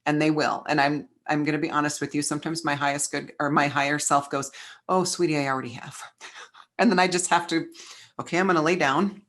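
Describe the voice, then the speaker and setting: A woman's voice: sits low, level tone, brisk, a bit bright. A middle-aged woman giving a casual spiritual parenting masterclass, frank and chatty, with lots of fillers and restarts.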